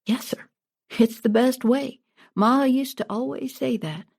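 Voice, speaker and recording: A woman's voice: high voice, a little slow, vocal fry, darkish tone, slightly rough, pitched above the performer's own voice, full character voice. A woman reading a storybook, voicing an eager, talkative young man from a small town who answers questions in a friendly way.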